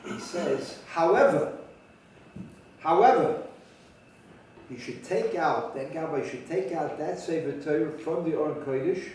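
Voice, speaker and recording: A man rabbi teaching a halacha class, talking with halting restarts and sudden emphatic rises in pitch. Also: darkish tone, a little hiss or hum. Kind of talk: spoken Torah lecture. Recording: very echoey room from far off.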